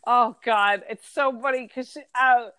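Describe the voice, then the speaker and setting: A young adult woman co-hosting a casual book chat, animated and full of fillers. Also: on the high side, a little slow, clear, resonant tone, dry recording. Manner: chatty, animated, lots of fillers. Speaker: podcast co-host.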